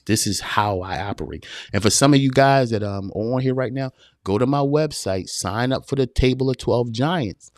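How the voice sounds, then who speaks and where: A man's voice: on the low side, dry recording, clean studio sound. A man hosting a live-streamed talk for men. He is emphatic and repetitive, calls listeners brother, and answers viewer questions as they come in. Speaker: podcast host.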